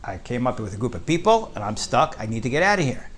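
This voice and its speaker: A man's voice: mid-range voice, sing-song, quick pace, fairly bright tone, a little hiss or hum. A man quoting a flustered young woman who pleads that she does not belong in a psychiatric ward. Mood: pleading. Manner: pleading, insistent.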